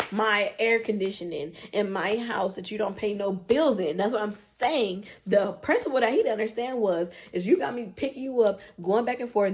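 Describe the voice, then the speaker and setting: A young adult woman telling a storytime vlog in an animated, slangy, exasperated way. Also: mid-range voice. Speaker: vlogger.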